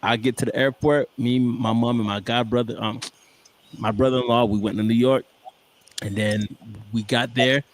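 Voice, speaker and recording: A man co-hosting a podcast, telling a story in relaxed, rambling casual chat. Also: medium pitch, moderate pace, no room sound. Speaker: podcast co-host.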